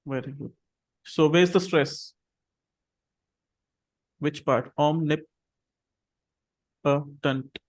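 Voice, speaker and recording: A man teaching an English class over a video call, patiently saying words slowly and repeating them for students to copy. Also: on the high side, steady tone, a little mellow.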